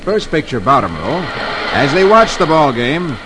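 A man's voice: fairly high pitch, big pitch swings, moderate pace, background noise. A man hosting an old-time radio comic reading, telling the story in a playful, storytelling way. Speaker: host reading the Sunday comics.

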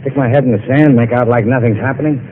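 An actor playing a tough private eye who talks in dry, sarcastic wisecracks, in 1950s radio drama acting. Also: male voice, medium pitch, quick pace, lightly acted. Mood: tense. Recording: narrow-band old radio broadcast with faint hiss.

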